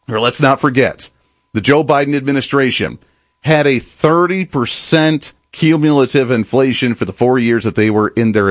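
A man's voice: medium pitch, no room sound, clean studio sound. A man hosting a political commentary show, talking emphatically and mocking opponents with sarcasm. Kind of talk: opinionated commentary monologue.

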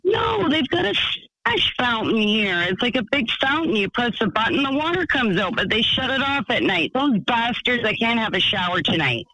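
A man voicing a rambling, excitable woman calling in to a radio show. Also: extremely high pitch, normal speed, dry recording, full character voice, rough recording. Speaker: caller.

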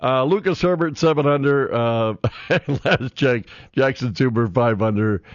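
Middle-aged radio sports host. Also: male voice, mid-range voice, a little slow, no echo. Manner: loose and chatty, with frequent "uh" fillers as he reels off scores. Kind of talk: sports radio talk and scores roundup. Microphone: studio microphone. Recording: dull, dry studio radio sound.

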